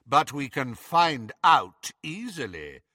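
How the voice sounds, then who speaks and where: A man's voice: mid-range voice, very animated, slow pace, sharp tone, no room sound, studio quality, voice pushed up, heavily acted. A man voicing a cold, commanding aristocratic villain in an audiobook.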